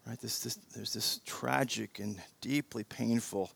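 A middle-aged man preaching a sermon with animated swings between loud emphasis and quiet intensity, often repeating words and asking "right?". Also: mid-range voice, a little slow, vocal fry, slightly rough. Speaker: pastor.

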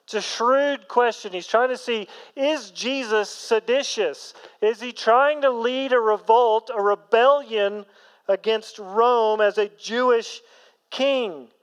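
A man preaching a sermon as pastor, earnest, rising to emphatic peaks and then dropping low. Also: slow pace, clean tone, long reverb tail, poor audio.

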